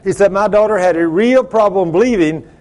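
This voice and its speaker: Preacher, male, high-pitched, storytelling sermon style, prods the congregation with questions. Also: a little fast, a little mellow. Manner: asks the congregation rhetorical questions, acts out quoted dialogue.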